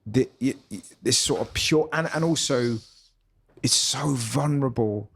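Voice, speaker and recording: A man's voice: medium pitch, measured pace, gravelly, a little hiss or hum. A man with a British accent, a comedian guest, chatting in a pub, full of restarts and enthusiasm. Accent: British English. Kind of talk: casual chat.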